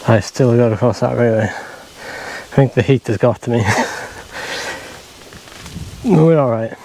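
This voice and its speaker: A man's voice: medium pitch, measured pace, creaky, a little mellow. A Welsh man giving casual, self-mocking commentary while hiking outdoors, hot and weary from the heat. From Wales. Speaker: walking vlogger. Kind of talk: casual walking commentary to camera. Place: outdoors in rural fields and paths. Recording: outdoor ambience noise behind the voice.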